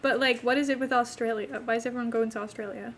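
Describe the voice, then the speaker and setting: A young woman with a notably high voice rambles through a casual live stream, talking to her viewers and to the characters in her game. A faint hiss sits under her voice. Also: steady tone, fast. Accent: not from England. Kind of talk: casual live-stream chat while playing a life-sim game.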